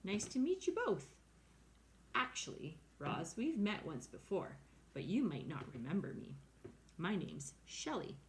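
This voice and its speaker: A woman's voice: on the low side, very animated, a little slow, voice pushed up. A woman voicing a friendly, chatty female otter in a cheerful manner, with faint background noise.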